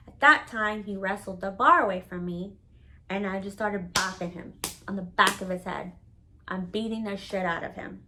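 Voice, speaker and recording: Woman vlogger spilling a story, animated, cusses freely, normal pitch. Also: low-quality recording. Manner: candid, blunt and profane. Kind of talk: casual storytime monologue.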